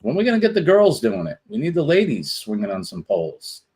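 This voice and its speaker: A man's voice: medium pitch, huge pitch swings, quick pace, a little mellow, breathy edge, rough recording. A man hosting a casual live stream, greeting viewers one by one in a rambling, chatty way. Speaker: livestream host.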